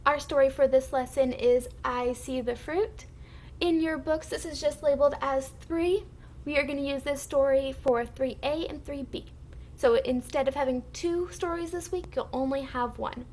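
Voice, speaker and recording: A woman teacher records a phonics lesson for young children, sounding out words slowly and clearly so they can repeat them. Her voice is high-pitched with a darkish tone.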